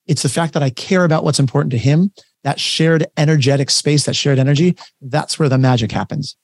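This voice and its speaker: Fast-talking man leading a training call. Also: medium pitch, no echo, studio quality. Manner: energetic, conversational, acts out client dialogues. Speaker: real estate trainer. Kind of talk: live online training talk. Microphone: video call.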